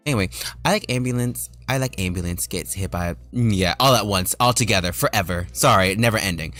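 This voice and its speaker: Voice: low-pitched, fairly quick, fairly bright tone, soft background music. A streamer chatting casually with viewers while drawing, playful and teasing and laughing often.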